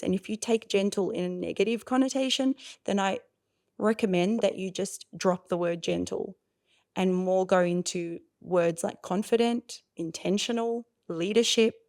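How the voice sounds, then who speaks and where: A woman in her forties coaching on parenting, her voice carrying a gravelly fry. She explains with expressive energy and slips into quick impressions of parents and kids. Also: medium pitch. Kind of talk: animated explaining in a podcast interview.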